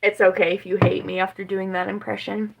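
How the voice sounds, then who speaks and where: A woman's voice: medium pitch, flat delivery, a little fast, creaky, rough recording. A young woman with a West Virginian accent, chatting casually and rambling on a livestream from her home kitchen, swearing freely as she talks to viewers.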